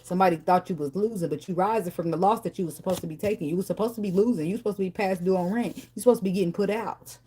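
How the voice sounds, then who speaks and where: A woman's voice: mid-range voice, very fast, few pauses, mellow, breathy edge. A woman giving a casual tarot reading in a blunt, profane, talkative way. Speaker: tarot reader.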